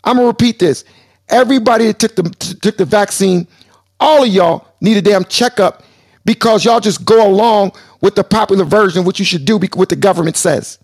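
A man's voice: high-pitched, brisk, dry recording, clean studio sound. A man hosting a heated panel debate, arguing hard, repeating himself and talking over the others. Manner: argumentative, repeats phrases, talks over others. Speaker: host.

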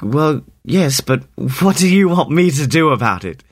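A man playing a flustered, high-voiced boy wizard. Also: big pitch swings, unhurried, no echo, clean studio sound. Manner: flustered and stammering. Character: nervous, earnest young boy wizard.

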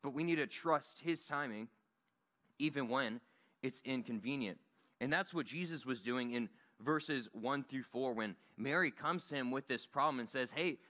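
A man delivers a sermon in an earnest, conversational way. His voice is bright and forward, at a middling pitch. He speaks in a church meeting room. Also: moderate pace. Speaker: Bible study teacher.

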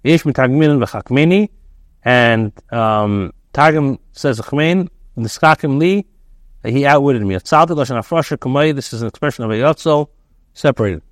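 A man teaching as a rabbi, a text aloud and translating it line by line in a halting way, with many restarts and fillers. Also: medium pitch, animated, no room sound, clean studio sound.

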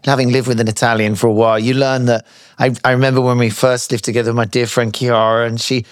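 A British man hosts a casual podcast chat, telling animated stories peppered with swearing. His voice sits at an ordinary pitch. The recording is dry and close. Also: fast, no room sound. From Britain. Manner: storytelling, profane, animated anecdotes. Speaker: podcast host.

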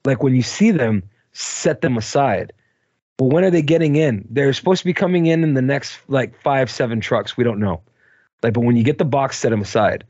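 A man's voice: medium pitch, a little fast, darkish tone, no room sound, lo-fi sound. A man co-hosting a podcast, casually telling a long story, rambling, swearing and laughing along. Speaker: podcast co-host.

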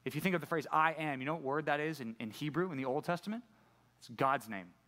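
A middle-aged pastor giving a conversational sermon, often putting questions to the congregation. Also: male voice, fairly high pitch, fast talker, bright, forceful tone. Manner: conversational preaching, asks the audience questions.

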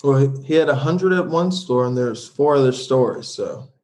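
A man in casual podcast chat, talking through a TV episode. His pitch sits in the middle, and his remarks come out easygoing and a little dry. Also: lively intonation, normal speed, darkish tone. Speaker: podcast co-host.

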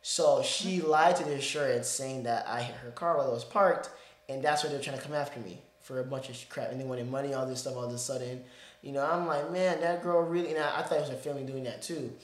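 A man's voice: mid-range voice, quick pace, echoey room. A man hosting a podcast, telling a rambling story in casual slang-heavy chat. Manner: animated, rambling, peppered with slang like "bro". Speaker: podcast host.

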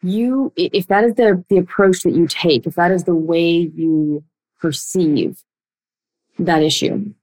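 Young adult woman, coach talking to camera, slightly low voice, blunt and emphatic, uneven pace. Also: darkish tone, low-quality recording. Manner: blunt, emphatic, speeds up and slows down a lot. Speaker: relationship coach. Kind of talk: direct-to-listener coaching talk.

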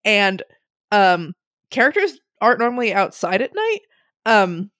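Animated young woman telling a story. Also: medium pitch, measured pace, dry recording, studio quality. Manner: animated, laughing, swears freely. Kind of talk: casual storytelling.

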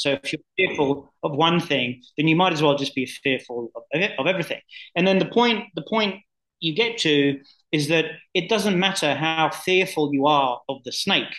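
A man's voice: a little high, bright, forceful tone, poor audio. A man co-hosting a podcast, thinking aloud and rephrasing his points as he goes. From New Jersey, USA. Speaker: co-host. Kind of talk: reflective podcast discussion.

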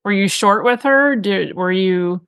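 A woman hosting an interview podcast, gently probing her guest with follow-up questions. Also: medium pitch, unhurried, smooth, dry recording. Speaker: podcast host.

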